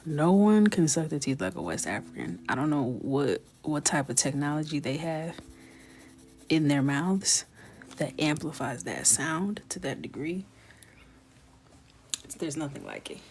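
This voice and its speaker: A woman in her thirties chatting casually and jokingly while coloring on a livestream, often dropping into soft whispers. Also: low-pitched, animated, measured pace.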